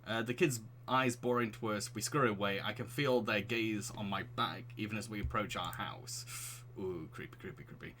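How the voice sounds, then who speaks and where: A man's voice: fairly low pitch, moderate pace, hardly any pauses, bright, forceful tone, slight background noise. A man from England streaming a dating game, giggling and reading the story aloud. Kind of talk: let's play commentary.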